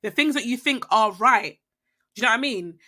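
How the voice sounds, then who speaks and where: Her voice is fairly high, brisk and animated, with a pushed, bright quality. As a young woman guesting on a podcast, she muses in a wandering, casual way and frequently turns to the listener to check in.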